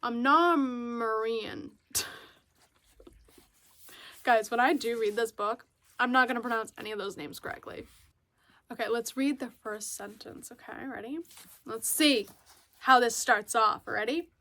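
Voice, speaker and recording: Woman, book vlogger, bubbly and excitable, slightly high voice, casual chat. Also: no echo. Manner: gushing, excitable, repeats words for emphasis; sounds out fantasy names slowly, stumbling and laughing.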